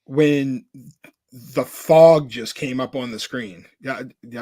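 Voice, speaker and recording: Casual male podcast co-host, rambling storyteller, mid pitch, dry close sound. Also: takes it slowly, mellow, dry recording. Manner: rambling storyteller, many filler "like"s and restarts. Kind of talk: casual chat.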